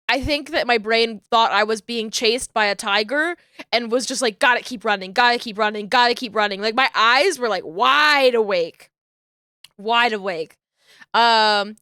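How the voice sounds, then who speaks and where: A woman's voice: on the high side, sharp tone, smooth, no echo, clean studio sound. A young woman streamer chatting casually and swearing freely as she rambles. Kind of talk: casual livestream chat.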